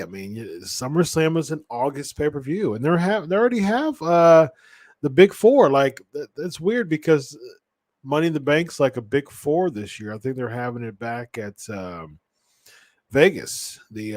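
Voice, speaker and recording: A man's voice: on the high side, animated, normal speed, a little mellow, no echo, studio quality. A man hosting a podcast, chatting casually about wrestling and often correcting himself mid-sentence. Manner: rambling, with frequent restarts and self-corrections. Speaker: podcast host.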